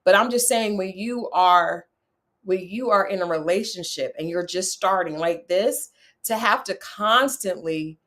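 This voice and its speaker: A woman hosting a casual reality-show recap, chatty and opinionated, talking straight to her viewers. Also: medium pitch. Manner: chatty, opinionated, talks to viewers, animated asides. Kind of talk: casual chat.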